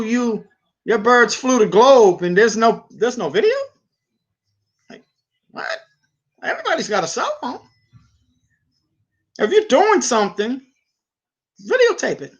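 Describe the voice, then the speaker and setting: Animated slangy man hosting a livestream. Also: extremely high pitch, unhurried, pauses often. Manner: animated storytelling with slangy, repetitive speech. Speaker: livestream host. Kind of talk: casual livestream chat.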